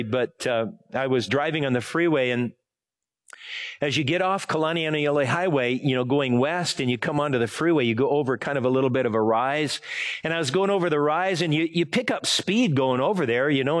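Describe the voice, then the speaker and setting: A man's voice: medium pitch, brisk. A man preaching a casual sermon, telling a rambling personal story full of fillers and self-corrections. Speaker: pastor.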